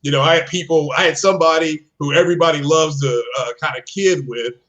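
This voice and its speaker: A man's voice: a little high, fast, fairly bright tone, muffled recording. Rambling man hosting a gaming podcast. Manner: rambling, full of fillers and restarts, jokey. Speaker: podcast host. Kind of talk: casual podcast chat.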